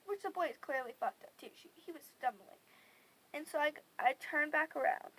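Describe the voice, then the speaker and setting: A young woman vlogger telling a story in animated, profane casual chat, full of 'like'. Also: sits high, normal speed, low-quality recording.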